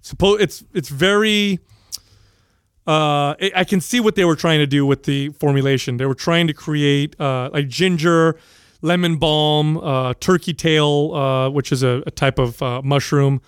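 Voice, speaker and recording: A man's voice: fairly high pitch, steady tone, a little slow, clean tone, dry recording, studio quality. A man, a father and podcast co-host, telling stories in casual chat, laughing easily and restarting his sentences. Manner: storytelling, laughs often, trails off and restarts.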